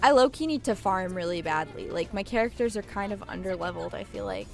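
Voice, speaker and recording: Animated swearing woman game streamer. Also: medium pitch, quick pace, gravelly, music in the background. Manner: animated, swearing, reacting as she plays. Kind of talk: live let's-play commentary. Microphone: desk microphone.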